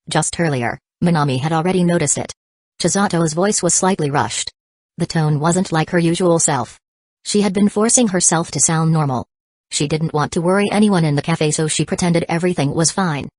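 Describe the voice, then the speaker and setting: A woman narrating a romance novel audiobook in a measured, even storytelling voice. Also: low-pitched, dry recording. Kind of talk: scripted narration.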